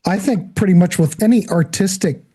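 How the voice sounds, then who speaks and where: A woman's voice: mid-range voice, normal speed, mellow, a little hiss or hum. A woman co-hosting a casual music interview, supportive and sometimes searching for words. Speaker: co-host, interviewer.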